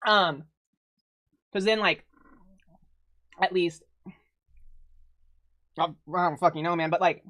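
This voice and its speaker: A young woman chatting casually and swearing a lot while eating on a live stream, close to a desk mic, breaking into laughs and loud outbursts. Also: fairly low pitch, slow pace, long pauses.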